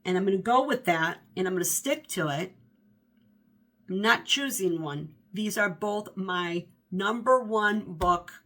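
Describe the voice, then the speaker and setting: Bright-voiced chatty woman in her fifties. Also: medium pitch, a little slow. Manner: chatty, rambling, animated with self-corrections. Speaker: book vlogger. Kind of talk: casual book review chat.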